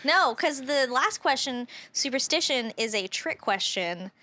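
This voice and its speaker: Bright, high-voiced playful woman co-host. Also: a little slow. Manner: playful, teasing, energetic. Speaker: podcast co-host. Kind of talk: casual chat.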